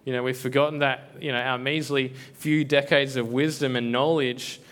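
A man's voice: mid-range voice, steady tone, normal speed, fairly bright tone. Earnest man giving a casual sermon. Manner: conversational, filler-heavy, earnest, with frequent repeats. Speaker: preacher. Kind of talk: casual devotional talk.

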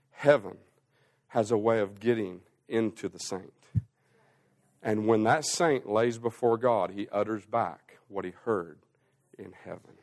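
A man preaching a sermon as pastor, swinging between loud, rising emphasis and hushed, slow passages. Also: mid-range voice.

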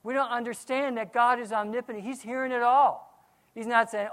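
Man preaching an animated sermon. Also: very high voice, brisk. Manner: animated preaching, swings from quiet to loud. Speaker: pastor.

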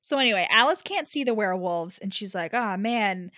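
A woman in casual chat, recapping a novel with animated quoted voices and some swearing. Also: mid-range voice, fast talker, dry recording, studio quality.

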